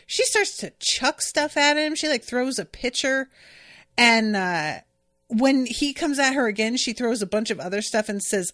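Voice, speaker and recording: This podcast host is a woman whose voice sits on the high side, animated and fairly bright, at normal speed. The recording is dry and studio-clean. She chats through a casual episode recap and commentary, sounding exasperated and using lots of fillers.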